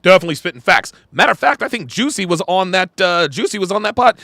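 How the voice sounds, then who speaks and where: A man's voice: high voice, expressive, quick pace, pushed and bright, no echo, studio quality. A man hosting a podcast livestream, ranting bluntly and crudely while reacting to clips and chat. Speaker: podcast host. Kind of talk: livestream commentary.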